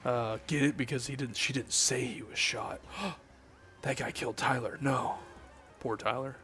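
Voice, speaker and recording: A relaxed man with a Southern US drawl hosts a late-night game stream, joking with his chat between tasks. His voice sits in an ordinary middle register, and faint music plays under his talk. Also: mid-range voice, normal speed. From Southern United States. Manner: relaxed, joking, chatting with viewers.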